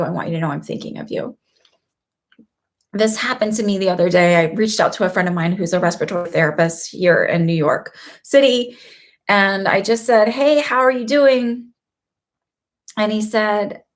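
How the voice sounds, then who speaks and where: A middle-aged woman hosting a casual spiritual live stream from home, telling personal stories in an emotional, sometimes tearful way. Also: medium pitch. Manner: emotional, tearful at times, warm storytelling. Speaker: spiritual channel host.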